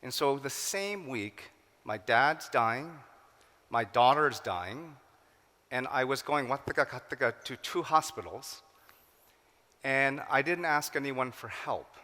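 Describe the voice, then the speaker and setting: A middle-aged man from the United States gives a keynote talk, telling his story with animated quoted voices and Korean phrases mixed in. His tone is bright and forceful, and a long reverb from the big hall trails each line. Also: mid-range voice, normal speed. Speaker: keynote speaker. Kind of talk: forum talk. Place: large hall.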